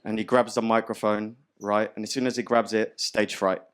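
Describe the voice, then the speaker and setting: A man's voice: fairly low pitch, little pitch movement, normal speed. A young man performing stand-up in a comedy club, slangy conversational storytelling on a handheld mic. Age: young adult. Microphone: handheld stage microphone. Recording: live club audio with audience noise.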